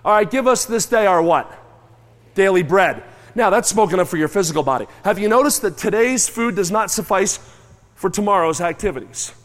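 This animated preacher speaks briskly in a high, bright register, punctuating his sermon with moos and loud chewing. He keeps calling on the crowd to respond, and his voice echoes with the long reverb of a church sanctuary.

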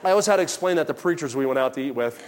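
A man's voice: expressive, very fast. Man preaching in a reverberant hall. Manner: conversational and anecdotal, drops soft and low when quoting himself. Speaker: pastor. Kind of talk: sermon.

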